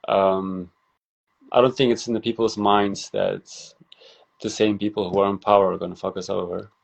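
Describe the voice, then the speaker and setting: A man's voice: fairly low pitch, level tone, normal speed, creaky, lo-fi sound. A man from Afghanistan, a podcast guest, answering reflectively with many ums and restarts. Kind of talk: casual conversation.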